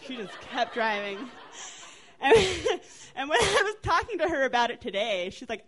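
A woman in her twenties with an American accent, telling a funny family story on stage in a chatty, animated way, laughing and swearing as she goes. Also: high-pitched, a little slow, long pauses. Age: 20s.

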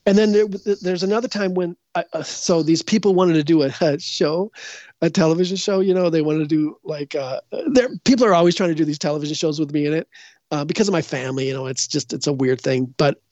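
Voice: mid-range voice, fast talker, a little mellow, no echo. A psychic guest in a casual interview tells long stories in a loose, rambling way. The speaker keeps restarting and correcting sentences and slips into quoting other people. The recording sounds dull and lo-fi, with a dry, close feel. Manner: acts out other people's words when retelling.

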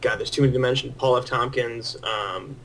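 A man's voice: medium pitch, a little fast, a little hiss or hum, poor audio. A man guesting on a friend's podcast in casual chat, swearing often and laughing easily. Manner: profane, laughing, excitable.

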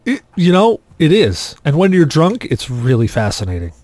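A man co-hosting a podcast, telling a story in a casual, animated way and acting out the quotes. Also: fairly high pitch, normal speed, no echo. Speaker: podcast co-host.

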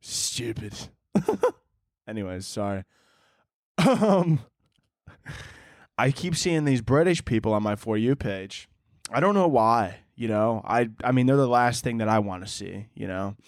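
A man's voice: medium pitch, animated, unhurried, pauses often, no echo, clean studio sound. A young man hosting his own podcast solo, rambling in a profane, self-mocking way and laughing often at his own jokes. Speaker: podcast host. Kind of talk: casual comedic podcast monologue.

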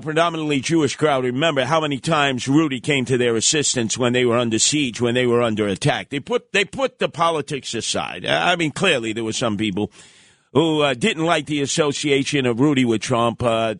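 Animated New man hosting talk radio. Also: on the high side, no echo, clean studio sound. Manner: animated, storytelling, heated. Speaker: radio talk show host. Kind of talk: radio talk show monologue. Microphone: studio microphone.

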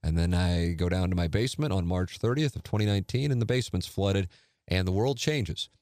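A middle-aged man with a very low voice talks calmly through his podcast, measured and conversational. The sound is dry and close, with no room around it. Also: no echo. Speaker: podcast host. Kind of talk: casual solo talk and live read.

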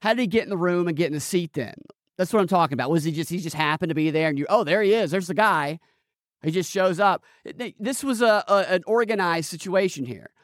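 A man's voice: high voice, fast, no echo, studio quality. A man hosting a political podcast, reading news aloud and adding sarcastic, incredulous commentary with laughing asides. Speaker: podcast host.

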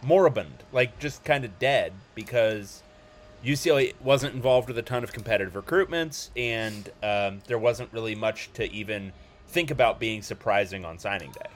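A man's voice: lowish voice, normal speed, a little hiss or hum. A man hosting a casual sports podcast, talking loosely with lots of ums and restarts. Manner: hesitant, many ums and restarts.

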